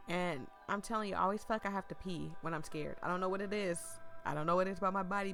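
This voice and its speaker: A woman with a low voice who is losing her voice, reading a visual novel aloud with chatty, anxious asides and frequent stumbles. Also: a bit bright. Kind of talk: chatty game commentary and narration.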